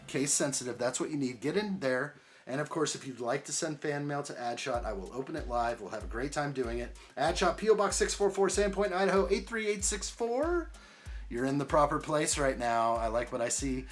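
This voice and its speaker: A man's voice: fairly high pitch, fairly bright tone. A man hosting a casual live stream, greeting viewers by name in an upbeat way while unboxing and building.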